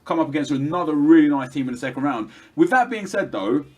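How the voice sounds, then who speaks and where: A man's voice: a little high, expressive, fast, a little mellow. A young man rambling through casual commentary over his own gameplay, chatty, with lots of fillers and restarts. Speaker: gaming commentator.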